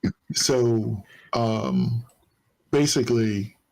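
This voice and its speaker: Gravelly-voiced man hosting casual chat. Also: fairly low pitch, sing-song, drawn-out words, a little mellow, rough recording. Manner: loose and rambling, many fillers. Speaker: podcast host.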